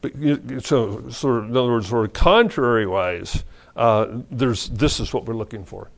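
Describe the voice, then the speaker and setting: A middle-aged man preaching an evening Bible study, talking in a halting, conversational way with restarts and soft laughs. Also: medium pitch, gravelly. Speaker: pastor.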